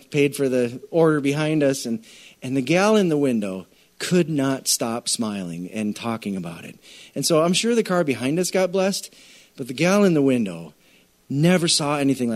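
A male pastor delivers a sermon in an easygoing, conversational manner. He moves between storytelling and scripture, putting on quick voices for the people in his stories, and keeps his pitch at an ordinary middle level for a man.

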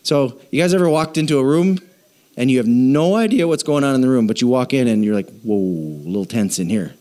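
A man preaching to his church congregation, joking with them and prompting them to call back, moving between quiet asides and loud emphatic lines. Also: mid-range voice, lively intonation, fast. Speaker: pastor. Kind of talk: sermon.

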